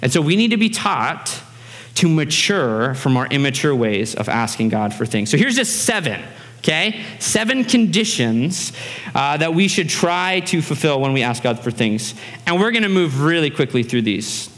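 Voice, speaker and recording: Male pastor, 30s, bright and fairly high voice, animated conversational sermon in a reverberant hall. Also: normal speed.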